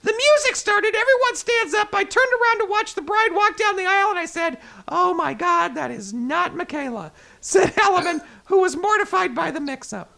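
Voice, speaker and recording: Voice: animated, normal speed, gravelly, hardly any pauses, sharp tone, exaggerated voice. A performer voicing a cheery male talking toilet paper roll who hosts a comedic news talk show, with a hammy, bouncy manner. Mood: chipper. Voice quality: high squeaky cartoonish voice. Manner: bouncy, hammy, flustered when guests misbehave. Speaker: show host.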